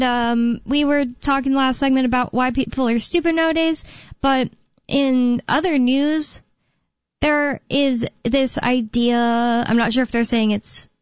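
A young woman hosting talk radio in a rambling, casual way, pausing on fillers as she thinks aloud. Her voice sits a little high and sounds close and dry, yet somewhat muffled and dull. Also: clean tone, no echo.

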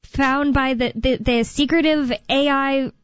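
High-voiced hesitant woman radio co-host. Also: fairly even intonation, unhurried, no room sound, lo-fi sound. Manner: hesitant, many fillers, explains news. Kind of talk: casual call-in radio chat.

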